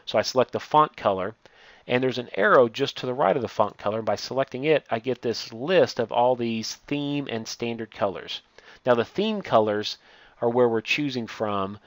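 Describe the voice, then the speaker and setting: A man teaching a step-by-step software lesson, reading each instruction aloud and then explaining it as he works on screen. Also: mid-range voice, lively intonation, moderate pace, dry recording. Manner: reads steps aloud, then explains while clicking. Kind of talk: software tutorial walkthrough.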